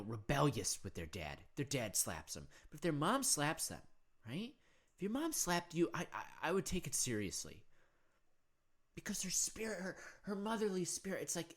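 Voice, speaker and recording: A man hosting a mock-spiritual comedy monologue, rambling earnestly with stammering restarts and repeated words. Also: a little high. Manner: earnest, solemn delivery of absurd ideas. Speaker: host.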